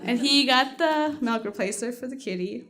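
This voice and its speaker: A woman's voice: on the high side, normal speed, heavy background noise. A woman telling a personal story on stage at a live storytelling night, casual and salty, often laughing as she goes.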